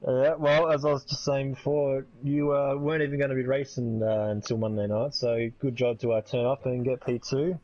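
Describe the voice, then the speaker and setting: A man interviewing drivers after a race, relaxed, friendly and a bit rambling. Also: mid-range voice, fairly quick, few pauses, no echo. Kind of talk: casual post-race interview. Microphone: online voice chat. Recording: dull lo-fi voice chat.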